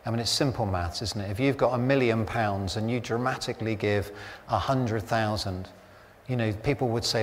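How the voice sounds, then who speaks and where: A man's voice: fairly low pitch, moderate pace, slight background noise. A middle-aged man preaching a sermon as pastor, talking in a chatty, anecdotal way with wry humour. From Britain. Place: church. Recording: church hall reverb, faint ambience.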